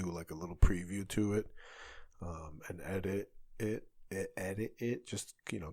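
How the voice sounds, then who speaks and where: A man in his thirties, a comedian hosting a solo podcast, talking in a rambling, conversational way that often stops and restarts. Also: deep voice. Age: 30s. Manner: rambling, self-interrupting, conversational.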